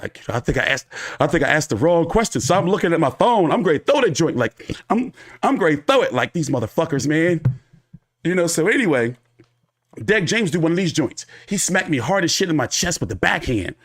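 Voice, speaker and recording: A man's voice: on the high side, a little fast. A man hosting a boxing commentary show, telling a story in a casual, profane monologue and acting out the people he quotes. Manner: animated, profane, acts out quoted people in his retelling.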